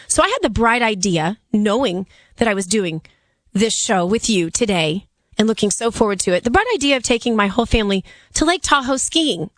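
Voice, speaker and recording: A middle-aged woman with a raspy voice, hoarse from laryngitis, filling in as a radio talk host with a chatty, earnest, pleading manner. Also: a little high, normal speed, a bit bright, dry recording.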